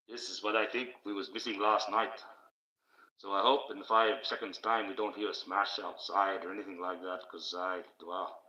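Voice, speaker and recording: Bright-voiced preachy man. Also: fairly low pitch, dull audio. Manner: preachy, declaiming in a put-on voice. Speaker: livestreamer. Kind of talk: preaching livestream monologue in character.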